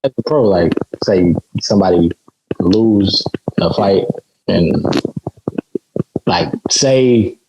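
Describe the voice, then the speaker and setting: A man's voice: deep voice, slow, long pauses, noisy background. A man from Chicago, a boxer guest on a podcast, telling stories in a laid-back way with lots of fillers. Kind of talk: casual podcast chat.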